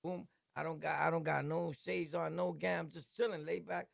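A man telling street stories in casual chat, acting out quotes and swinging from loud to soft. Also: fairly high pitch, level tone, moderate pace, vocal fry, hardly any pauses, no room sound, studio quality.

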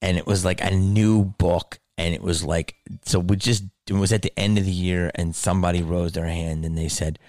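A man's voice: sits low, steady tone, normal speed, hardly any pauses, a little mellow, dry recording, clean studio sound. A man hosting a solo podcast, ranting in a blunt, profane way. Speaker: podcast host.

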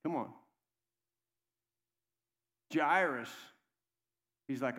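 Male pastor, high voice, preaching in a hall with long reverb, hushed lows to loud exhortation, keeps calling out to the room. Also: expressive, normal speed. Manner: swings between hushed low stretches and loud, raised exhortation; conversational, calls out "come on" to the congregation. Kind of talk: sermon. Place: church sanctuary.

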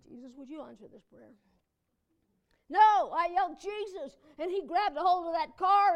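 A woman pastor preaching a conversational sermon, telling chatty personal stories with frequent laughter and sudden emphatic cries. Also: very high-pitched.

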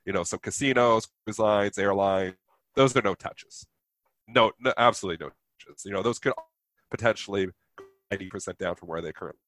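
A man's voice: lowish voice, brisk, a bit bright, no room sound. A man with a nasal voice from a sinus infection, giving blunt, emphatic market commentary as co-host.

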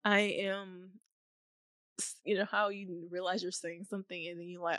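A young woman hosting a faith-based podcast, talking in a rambling, heartfelt way with many fillers, at times near tears and laughing softly. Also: medium pitch, fairly even intonation, moderate pace, dry recording, studio quality. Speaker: podcast host.

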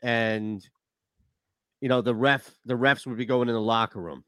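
A man hosting a casual sports talk show, rambling and animated. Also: mid-range voice, moderate pace, dry recording.

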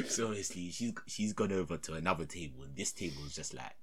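Deep-voiced lad telling a lively story. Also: male voice, background noise. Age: young adult. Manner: animated, acts out voices with big pitch jumps and laughter. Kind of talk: casual storytelling chat.

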